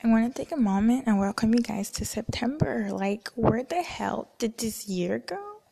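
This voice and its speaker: A young woman talks through a favorite book in a relaxed podcast chat. She gushes as she goes and keeps dropping into quick quoted lines while she retells the scenes. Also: on the high side, creaky, slightly rough. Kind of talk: casual book review chat.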